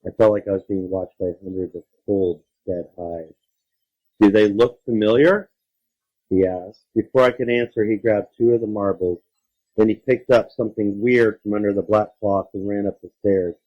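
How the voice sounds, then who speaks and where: A man reading a children's scary story aloud, dramatic, dropping low and quiet for suspense. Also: steady tone, moderate pace, muffled recording. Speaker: story reader.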